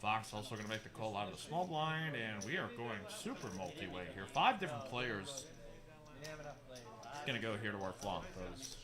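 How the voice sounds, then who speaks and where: A man's voice: lowish voice, sing-song, normal speed, crowd noise. A man giving live play-by-play poker commentary in an easygoing way, with chatty asides.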